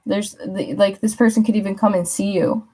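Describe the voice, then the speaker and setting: A woman's voice: mid-range voice, steady tone, normal speed, dark tone, husky. A young woman giving a casual spoken tarot reading, chatty with many fillers, laughing often and acting out little quotes. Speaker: tarot reader.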